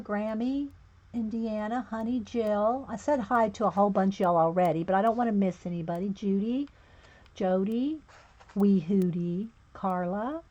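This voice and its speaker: A woman's voice: on the high side, mellow. Chatty woman greeting her stream. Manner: chatty, greets viewers by name. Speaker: livestream host. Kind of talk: casual livestream chat. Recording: dull lo-fi stream audio.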